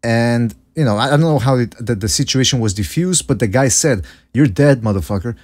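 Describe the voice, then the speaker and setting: Husky-voiced man telling a story. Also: mid-range voice, expressive, brisk. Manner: storytelling, rambling with restarts. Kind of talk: casual chat.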